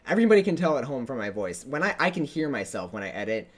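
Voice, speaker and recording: A man's voice: medium pitch, quick pace. A man in his twenties with a slight lisp, co-hosting a casual chat and telling stories with lots of fillers and laughs. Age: 20s. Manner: lively storyteller, laughs often, many fillers. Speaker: podcast co-host.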